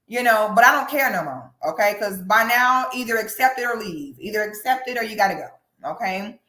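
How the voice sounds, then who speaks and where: A woman doing casual reaction commentary, sassy and animated. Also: a little high, brisk, roomy sound. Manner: sassy, animated, breaks into loud laughing shrieks. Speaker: commentary vlogger.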